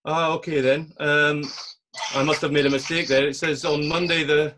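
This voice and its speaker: A man's voice: on the high side, flat delivery, normal speed, sharp tone. A man co-hosting a podcast, talking hesitantly with many fillers during a prank call. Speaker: podcast co-host. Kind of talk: prank phone call and banter.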